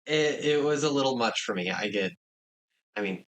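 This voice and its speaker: A man's voice: medium pitch, expressive, moderate pace, fairly bright tone. Easygoing young man co-hosting a podcast. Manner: easygoing, self-deprecating, nervous about spooky topics. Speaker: podcast co-host. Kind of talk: casual podcast chat.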